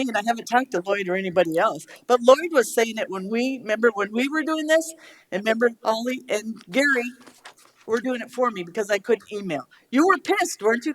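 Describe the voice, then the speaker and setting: A woman's voice: fairly high pitch, a bit bright. A middle-aged woman speaks at a county board meeting in a blunt, angry rush. She swears freely and argues back hard, emotional and straight to the point. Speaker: county commissioner. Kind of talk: heated speech at a public meeting.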